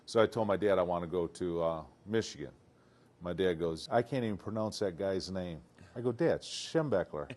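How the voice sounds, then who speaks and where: An older man from Detroit, a retired football player, telling stories in a casual interview, animated and acting out what people said. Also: deep voice, moderate pace. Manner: animated, acts out quotes, laughs often.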